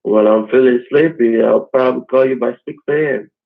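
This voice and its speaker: A man's voice: mid-range voice, brisk, creaky. A man on a phone call, talking hesitantly with fillers and restarts. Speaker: scammer on the call. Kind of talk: phone conversation.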